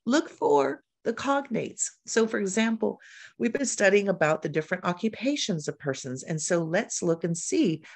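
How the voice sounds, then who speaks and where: A woman literacy educator giving a teaching demonstration, modeling a reading lesson with lively questions and prompts. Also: lowish voice.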